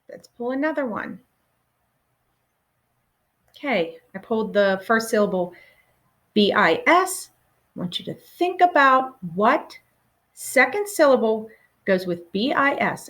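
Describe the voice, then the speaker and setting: A woman teacher with a slightly high voice leads a recorded phonics lesson for children. She is patient and encouraging and pauses to wait for answers.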